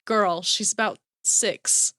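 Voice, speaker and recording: A woman's voice: medium pitch, steady tone, slow pace, pushed and bright, dry recording, clean studio sound. A woman co-hosting a podcast, chatting casually and gushing about books with lots of "like" fillers. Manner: bubbly, gushing, many fillers like "like". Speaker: podcast co-host. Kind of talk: casual chat.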